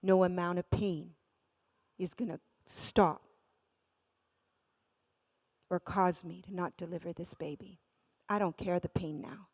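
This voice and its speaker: A middle-aged woman delivers a sermon as a storyteller, her voice leaping from loud, urgent bursts down to near hushes. Her voice rings out through a large church hall, with a long reverb trailing each phrase. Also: fairly low pitch, fairly even intonation, a little slow, pauses often, slightly rough. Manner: dramatic, swings from loud to hushed. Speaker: guest speaker.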